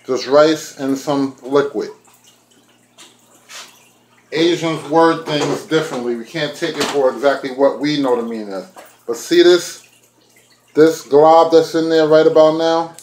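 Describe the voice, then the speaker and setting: A man's voice: on the high side, fairly even intonation, a little slow, long pauses, a little mellow, reverberant, poor audio. A man chatting casually to his viewers while he makes food in his kitchen, talking to them directly. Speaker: vlogger. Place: home kitchen.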